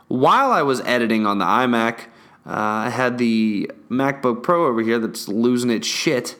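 Young male vlogger, loose casual chat, swears freely, loud bursts then hushed asides. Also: medium pitch, moderate pace. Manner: profane, excitable, jumps between loud and hushed; acts out whispered store dialogue.

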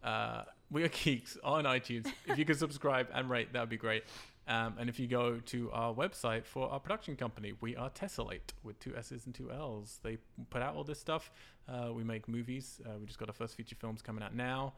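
A man hosting a casual podcast chat, relaxed and laughing often, with many fillers. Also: medium pitch, brisk, creaky, hardly any pauses. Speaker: podcast host.

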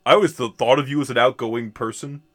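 A man co-hosting a podcast in casual chat, animated and laughing often, with quick bursts of mimicry. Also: medium pitch. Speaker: podcast co-host.

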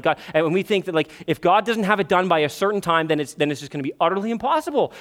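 A man in his thirties with a high voice preaches a sermon in a church. He talks with a lot of energy and acts out desperate prayers in a raised, pleading voice. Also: animated, rapid-fire, few pauses. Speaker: pastor. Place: church sanctuary.

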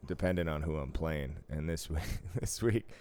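Man, 30s, podcast co-host: very low, smooth voice, loose and profane. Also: normal speed, a little mellow. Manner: laid-back, swears freely, laughs often. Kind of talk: casual chat.

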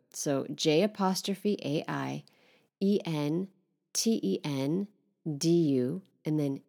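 Middle-aged woman, French teacher, low voice with vocal fry, soft and patient delivery. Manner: gentle, unhurried, spells words letter by letter. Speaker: French teacher and podcast host. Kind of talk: relaxed podcast language lesson.

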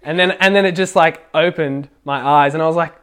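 A man's voice: fairly high pitch, fairly quick, a bit bright, smooth. A young man casually telling a personal faith story, rambling with lots of filler words and laughing now and then. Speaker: speaker sharing a faith testimony.

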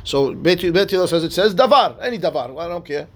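A man's voice: high-pitched, lively intonation, quick pace. A man, a rabbi teaching a daily Talmud class, reads Hebrew and Aramaic text and explains it in conversational English, often checking in with "right?" and "okay?".

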